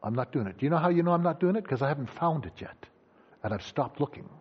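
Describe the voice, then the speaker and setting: A man's voice: on the high side, quick pace, husky. A man preaching a sermon, acting out voices of people he quotes. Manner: animated, acts out quoted voices. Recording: dull lo-fi sound.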